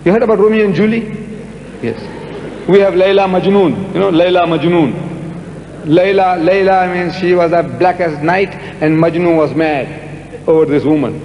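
Emphatic high-voiced man in a hall. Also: normal speed, dull audio. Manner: emphatic, repeats words for effect. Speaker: public speaker answering audience questions. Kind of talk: public lecture Q&A. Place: large lecture hall with audience. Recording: echoey hall with long reverb, faint noise.

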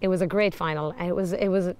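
A woman's voice: fairly low pitch, fairly even intonation, quick pace, darkish tone, no echo. A woman talking in an interview about her team, earnest and heartfelt. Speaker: team member.

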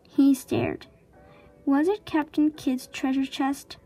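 A woman reading a children's chapter book aloud with slow, clear storytelling. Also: sits high, steady tone, dark tone, soft background music. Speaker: reader.

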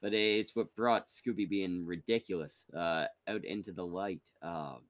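A man's voice: sits low, unhurried, no echo, studio quality. A man co-hosting a podcast, stammering and exasperated in casual chat. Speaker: podcast co-host.

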